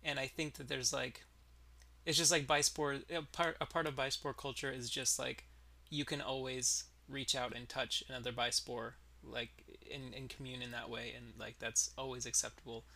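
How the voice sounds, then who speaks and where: A man's voice: medium pitch, flat delivery, moderate pace, creaky, sharp tone. A man playing a tabletop game, talking hesitantly with many fillers and restarts. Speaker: player. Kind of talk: casual tabletop game play.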